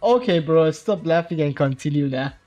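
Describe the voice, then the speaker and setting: A man's voice: a little high, animated, normal speed, darkish tone, faint music behind. A man from Iran with a Persian accent, his first language being Persian, chatting casually with his chat on a game livestream, laughing often and bantering playfully. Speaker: streamer.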